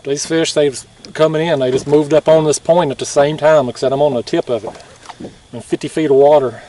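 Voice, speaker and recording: A man talks in a slightly high voice as he films himself fishing from a kayak at night, excited, chatty and quick to laugh. He sounds out of breath, and faint water noise sits behind him on the camera mic. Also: recorded from a distance. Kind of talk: casual vlog narration.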